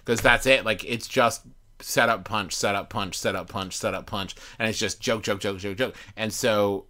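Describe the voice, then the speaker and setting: A man in his thirties chatting as a podcast guest, animated and acting out quoted reactions. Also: on the low side, unhurried. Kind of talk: casual chat.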